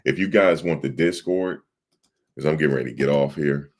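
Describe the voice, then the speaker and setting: A man's voice: very deep voice, brisk, darkish tone. A man hosting a livestream, rambling in casual chat and talking straight to his viewers in the chat. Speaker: livestream host.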